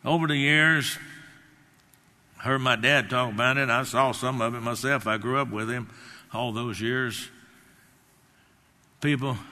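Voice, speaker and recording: Older male preacher, emphatic sermon, sharp forceful tone, long hall reverb. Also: mid-range voice. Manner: emphatic, acts out quotes, rambling anecdotes.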